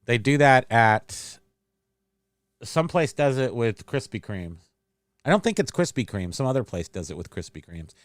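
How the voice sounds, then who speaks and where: A man's voice: medium pitch, animated, normal speed. A man chats loosely on his livestream, wandering between topics and answering viewers' comments. His voice sits in an ordinary middle range. The sound is dry and close, with no room echo. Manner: rambling, reads viewer comments aloud. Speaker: livestream host. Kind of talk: casual chat.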